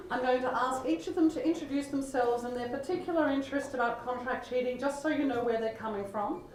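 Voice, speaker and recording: A woman with a fairly high voice moderates a conference panel, giving upbeat instructions to the audience. She is heard from a distance in a big conference room with a roomy echo. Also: a little mellow. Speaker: panel chair. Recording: echoey hall from far off.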